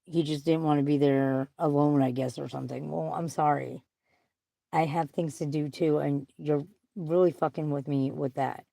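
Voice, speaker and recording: A woman's voice: sits low, steady tone, normal speed, creaky, warm tone, no echo, rough recording. A woman vlogging in a car, talking in a rambling, profane, frustrated way. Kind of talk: casual venting monologue.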